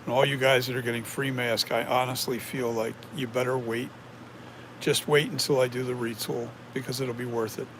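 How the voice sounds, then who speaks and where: A man's voice: medium pitch, little pitch movement, moderate pace. Man chatting casually over background noise. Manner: rambling, reads and answers chat comments. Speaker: mask maker streaming to viewers. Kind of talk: casual live-stream chat.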